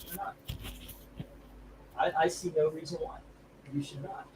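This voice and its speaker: A man's voice: sits high, big pitch swings, unhurried, a little hiss or hum, poor audio. Jokey, rambling auction host, man. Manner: rambling, jokey, laughs easily. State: feeling sick from food poisoning. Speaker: comic book auction host. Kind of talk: casual live-stream chat.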